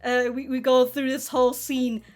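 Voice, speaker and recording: A woman's voice: high-pitched, monotone, normal speed, darkish tone. A woman hosting an anime reaction video, talking casually with frequent laughs and stumbles. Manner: chatty, laughs often, stumbles and restarts. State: feeling hot.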